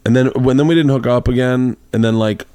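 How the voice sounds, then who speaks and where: A man's voice: medium pitch, fairly even intonation, a little fast, warm tone, clean tone, dry recording. A man hosts a casual podcast chat, rambling through a raunchy anecdote and raising his voice to act out what others said. His voice sits in an ordinary middle register. It is recorded close and dry in a home studio. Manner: rambling raunchy anecdote, acts out quotes with a raised voice. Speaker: podcast host.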